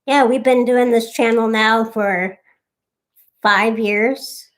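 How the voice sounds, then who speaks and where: Young woman on a live stream, kinda high voice, slow easy talk, thanks everyone by name. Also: steady tone. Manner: chatty, thanks viewers by name. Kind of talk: casual live-stream chat.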